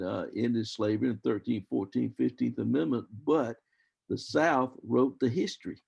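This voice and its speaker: An older man talks through history as a guest on a video call, thinking aloud and circling back on himself. His voice is heavily gravelly and husky, with a dark, mellow tone. The sound is dull and lo-fi, as over a call. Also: lowish voice, steady tone, measured pace. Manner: rambling, thoughtful, with many restarts.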